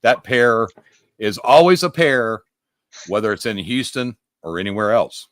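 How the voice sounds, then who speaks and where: A man's voice: medium pitch, animated, measured pace, a bit bright. A man talks through puzzle clues in loose, emphatic podcast chat, throwing in the odd mild curse as he goes. His voice swings up and down freely. The sound is dry and close, with almost no room echo. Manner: emphatic, rambling, mildly profane. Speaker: podcast co-host.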